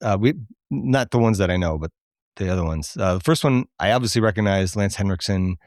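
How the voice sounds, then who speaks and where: A man co-hosting a podcast, chatting casually about a movie and pausing often to find his words. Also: low-pitched, a little mellow, no room sound, studio quality. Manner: hesitant, many fillers and restarts. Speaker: podcast co-host. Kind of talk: casual chat reviewing a movie.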